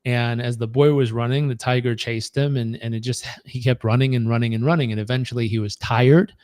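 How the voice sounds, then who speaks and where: A man's voice: medium pitch, fairly even intonation, fairly quick, a little mellow, dry recording, clean studio sound. A man coaching in a live training session, telling stories in an earnest, repetitive way. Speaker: performance coach.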